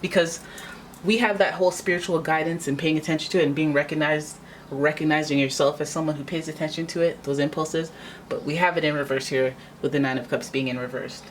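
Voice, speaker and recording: A woman's voice: deep voice, steady tone, brisk, a little hiss or hum, rough recording. A woman giving a casual tarot reading, chatty and dramatic, often acting out what people might say. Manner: chatty, dramatic, acts out quoted voices. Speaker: tarot reader.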